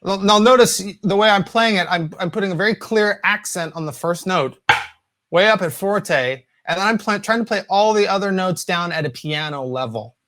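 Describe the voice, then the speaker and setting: A drum instructor in his forties from the US West Coast teaches rudiments in a relaxed way, using many fillers as he counts and sings out the patterns. His voice is high and his speed normal.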